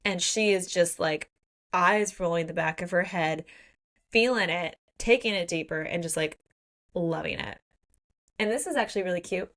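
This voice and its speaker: A woman co-hosts a book podcast in loose, casual chat. Her voice sits fairly low for a woman. She gushes with excitement and swears freely as she walks through the story. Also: moderate pace. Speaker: podcast co-host.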